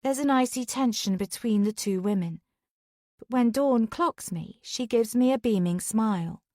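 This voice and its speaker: A woman reading a first-person thriller audiobook as whispered role-play, soft and intimate. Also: a little high, moderate pace, no echo, clean studio sound. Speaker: audiobook narrator.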